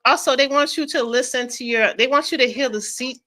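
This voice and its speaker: A woman's voice: high-pitched, a little fast, bright, forceful tone, rough recording. A woman giving a casual tarot reading in a chatty, informal way. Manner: giggly, keeps breaking into laughter and apologizing; chatty, informal speech with fillers. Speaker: tarot reader.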